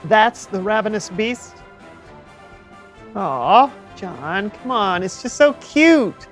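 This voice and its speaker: A man's voice: high voice, sing-song, slow, a bit bright, faint music behind. A man co-hosting a kids' comedy skit, talking in a nervous, stammering, evasive way. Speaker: co-host of a kids' comedy show.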